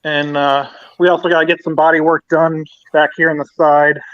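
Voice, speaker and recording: Brief: male host, high voice, methodical and casual, dull dry lo-fi garage-stream audio. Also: little pitch movement, moderate pace. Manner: methodical, steadily lists parts. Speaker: host showing his small-engine collection. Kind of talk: casual live-stream chat. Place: home garage.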